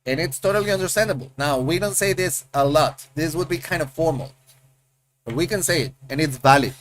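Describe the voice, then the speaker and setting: A man's voice: fairly high pitch, a little fast, fairly bright tone. A man, teaching a casual lesson and explaining things in a chatty way, often repeating himself and asking rhetorical questions. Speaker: Spanish teacher.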